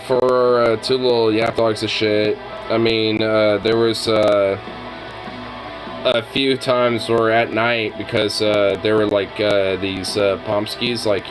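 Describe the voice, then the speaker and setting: A man's voice: on the low side, steady tone, a little slow, music in the background. A man chatting casually on a stream, rambling through his stories with lots of swearing and filler words.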